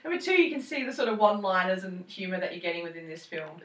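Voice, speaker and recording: A woman's voice: on the low side, big pitch swings, quick pace, distant mic. A woman co-hosting a podcast in a casual chat, laughing often and swearing lightly. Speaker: podcast co-host. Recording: echoey room, a little off-mic.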